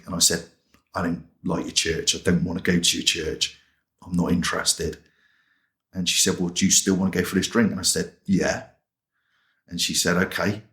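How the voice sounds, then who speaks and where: A man's voice: sits low, roomy sound. A man from England, a chaplain telling his personal testimony in a plain-spoken, colloquial way and acting out remembered dialogue. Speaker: chaplain and interview guest. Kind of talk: personal testimony told as a story.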